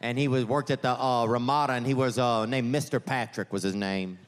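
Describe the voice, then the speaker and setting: A comedian with a medium-pitched voice works a live room at a brisk pace, meandering through a tale. Deadpan side remarks and frequent self-corrections pepper his set.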